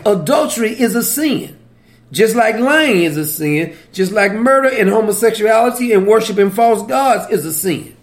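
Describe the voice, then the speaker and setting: A man preaching with a high voice. His talk is conversational and teasing. He keeps asking his listeners questions and chuckles at his own points. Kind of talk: sermon.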